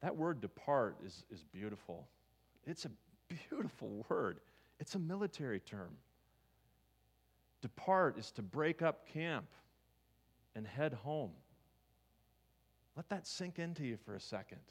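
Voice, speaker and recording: A man's voice: mid-range voice, big pitch swings, a little slow, long pauses, slightly rough. A man preaching a sermon as pastor, talking conversationally and asking his listeners questions. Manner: conversational, asks the congregation questions.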